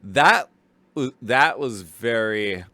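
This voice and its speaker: A man's voice: medium pitch, animated, slow pace, pushed and bright, dry recording. A man casually commenting as a streamer, rambling with lots of fillers and restarts and laughing easily. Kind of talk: casual live watch-along commentary.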